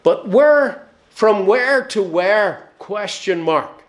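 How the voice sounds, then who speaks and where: Older man, northern irish accent, preaching, slightly high voice, homely storytelling, soft and slow at phrase ends. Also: animated. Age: 60s. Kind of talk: sermon.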